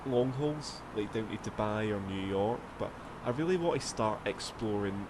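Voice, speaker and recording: A man's voice: lowish voice, lively intonation, moderate pace, background noise. A man with a Scottish accent, rambling casually as he streams a flight sim, swearing now and then. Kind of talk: casual gameplay commentary.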